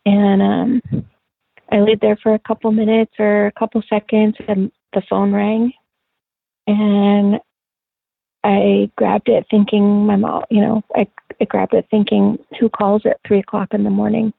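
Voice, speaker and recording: A middle-aged woman telling a personal story in a soft, halting way, with many pauses and fillers, over a phone line. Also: mid-range voice, level tone, vocal fry, husky, no echo. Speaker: interview guest. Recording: tinny phone-line call.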